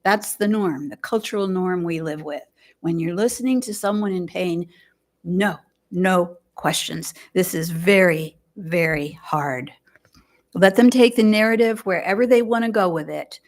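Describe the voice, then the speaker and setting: An older woman giving a gentle, reflective sermon at a fellowship service, speaking in measured phrases with pauses. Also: lowish voice. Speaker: lay speaker. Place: fellowship hall, indoors.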